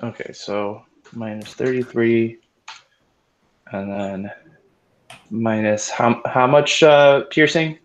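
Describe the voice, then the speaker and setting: A man's voice: mid-range voice, fairly even intonation, slow pace, long pauses. A man playing a tabletop game, asking about the rules and adding up his damage. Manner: asks rules questions, tallies numbers. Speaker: player. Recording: dull lo-fi mic.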